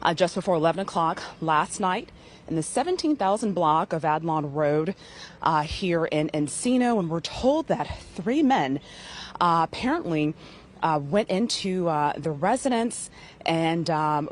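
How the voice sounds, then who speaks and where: A woman field reporter giving a live news report outdoors, with many ums and uhs. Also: on the low side. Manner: halting, many fillers. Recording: faint background noise.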